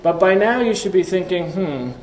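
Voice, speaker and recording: A man's voice: on the high side, normal speed, a little mellow. Man, lecturer, conversational talk with slides, echoey room, faint background hum. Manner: conversational, asks the audience questions, wry asides.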